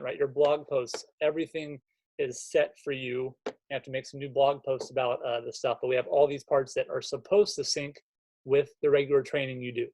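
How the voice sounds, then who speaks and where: A man talks gym owners through a workout program in an energetic, conversational way, tossing in "right?" to keep them with him. His voice sits at an ordinary middle pitch. It sounds close and dry, with no room echo. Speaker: fitness coach presenting programming. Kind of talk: screen-share walkthrough for gym owners.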